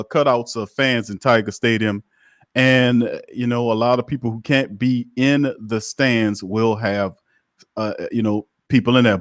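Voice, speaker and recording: A man hosting a casual sports talk show, energetic and hype. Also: lowish voice, no echo, studio quality. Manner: energetic, hype, drawn-out phrasing. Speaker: sports podcast host.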